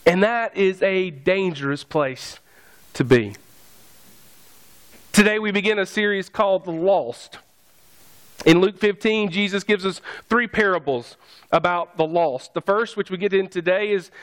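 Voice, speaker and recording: A pastor preaches a sermon in a high-pitched, smooth, somewhat bright voice. His manner is conversational, with joking asides to the congregation.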